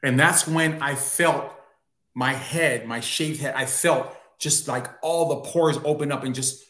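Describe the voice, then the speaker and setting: A man's voice: on the high side, a little slow, pushed and bright. A man, a guest on a talk show, earnestly telling a personal story. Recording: roomy echo on his voice.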